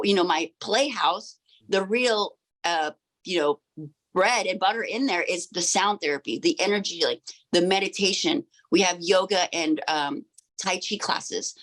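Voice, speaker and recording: A woman's voice: mid-range voice, fairly bright tone. Earnest woman in her forties, rambling. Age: 40s. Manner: earnest, rambling, many fillers and restarts. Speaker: sound healer and crystal shop owner. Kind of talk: interview guest telling her story.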